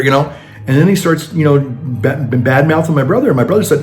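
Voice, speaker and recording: A man's voice: mid-range voice, expressive, quick pace, soft background music. A man talking casually in a monologue, rambling with frequent restarts and acting out the people he quotes. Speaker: vlogger.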